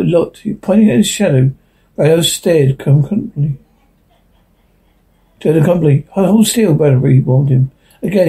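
A narrator with a fairly high, mellow, husky voice reads a science fiction story aloud over poor audio. His reading is unpolished, with occasional stumbles and restarts.

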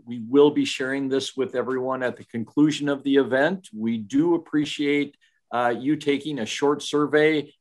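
A man moderating a medical webinar, giving formal introductions of the speakers in a measured way with some fillers. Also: medium pitch. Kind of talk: scripted introduction.

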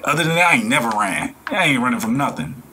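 Lively, bright-voiced man reacting. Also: mid-range voice, quick pace, slight background noise. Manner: rambling, animated, often laughing. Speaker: reaction video host. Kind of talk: casual reaction commentary.

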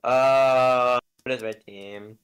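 A man chatting with teammates during an online game tournament, rowdy and quick with banter, swearing freely. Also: medium pitch, fairly even intonation, fairly bright tone, clear, resonant tone. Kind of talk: casual gaming chat with friends.

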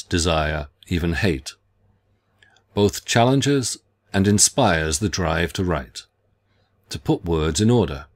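A middle-aged man with a very low, deep voice reads a prepared lecture on literature. His delivery is measured and deliberate, with careful phrasing. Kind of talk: scripted academic lecture.

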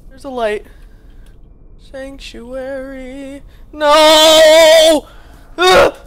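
A woman playing a horror game, jumpy and shrieking in panic, then muttering quietly between scares. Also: high voice, little pitch movement, drawn-out words, pauses often, poor audio. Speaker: gamer. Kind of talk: horror game let's-play commentary. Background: game music.

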